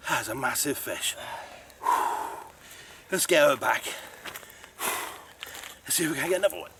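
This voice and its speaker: A man filming his fishing trip by a lake, breathless and excited as he talks over his catch. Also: medium pitch, measured pace. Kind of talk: excited outdoor vlog chat. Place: outdoors by a lake. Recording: outdoor recording with loud background noise.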